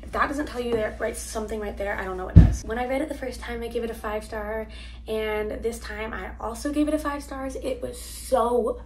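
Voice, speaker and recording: A woman's voice: fairly high pitch, fairly quick, background noise. A teenage girl chatting casually about books she read, rambling with lots of fillers. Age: teens. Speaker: book vlogger. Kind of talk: casual reading wrap-up chat. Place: home, family noise nearby.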